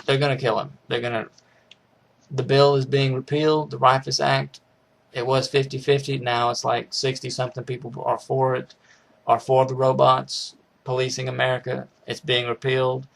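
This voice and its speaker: Gravelly man rambling through a movie recap. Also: mid-range voice, flat delivery, normal speed. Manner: rambling, with frequent restarts and chuckles. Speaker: movie reviewer. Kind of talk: casual spoken movie recap.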